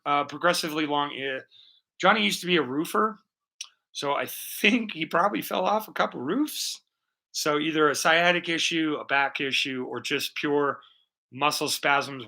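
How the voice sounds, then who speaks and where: A man's voice: fairly high pitch, pushed and bright. A man hosting a painting livestream, rambling in casual, profane, jokey chat with his viewers. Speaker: livestream art host. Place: home studio.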